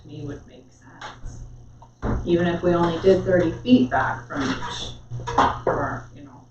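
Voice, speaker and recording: A hesitant man with a fairly high voice weighs in at a council meeting, heard from a distance in a roomy chamber. The recording is dull with a faint hiss behind it. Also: fairly even intonation. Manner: hesitant, measured, trails off softly. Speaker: council member. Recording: far-off mic, echoey room, dull sound, faint hiss.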